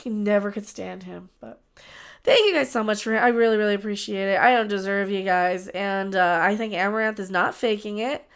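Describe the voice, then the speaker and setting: A woman's voice: medium pitch, brisk, clean tone. A young woman hosting a casual livestream, rambling and chatty, often trailing off and restarting. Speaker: livestream host.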